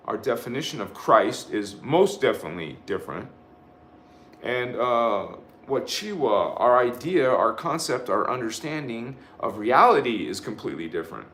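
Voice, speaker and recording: A man's voice: medium pitch, lively intonation, normal speed, fairly bright tone, reverberant, slight background noise. A man giving a live spiritual sermon, emphatic and repetitive, leading the listeners in chanted affirmations and often restarting his sentences. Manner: rambling with frequent restarts. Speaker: spiritual teacher hosting a live show.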